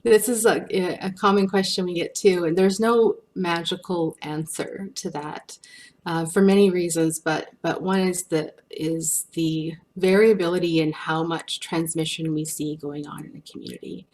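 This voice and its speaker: A woman's voice: fairly low pitch, fairly even intonation, moderate pace, a little mellow. A woman speaking as a research guest in a webinar, answering questions with frequent fillers and restarts. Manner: hesitant, many restarts and fillers.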